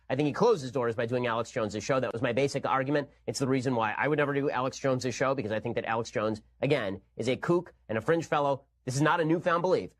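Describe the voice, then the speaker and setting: A man delivering a commentary monologue at a rapid-fire clip. He is sarcastic and throws in dry asides, in a mid-pitched voice. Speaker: political commentator.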